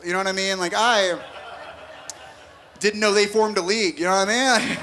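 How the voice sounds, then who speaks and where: A man in his thirties works a stand-up crowd in a conversational, joke-after-joke manner. His voice sits high and sounds bright and sharp. Faint room ambience sits under the mic. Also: steady tone, a little hiss or hum. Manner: conversational, quick jokes told to a live crowd. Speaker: stand-up comedian. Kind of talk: stand-up comedy set. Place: comedy venue stage with a live audience.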